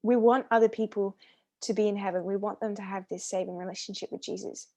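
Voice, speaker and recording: A woman's voice: mid-range voice, steady tone, quick pace, dark tone. An Australian woman co-hosting a church podcast, speaking earnestly and enthusiastically about faith. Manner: earnest, enthusiastic, repeats words. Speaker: podcast co-host. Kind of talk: casual faith discussion.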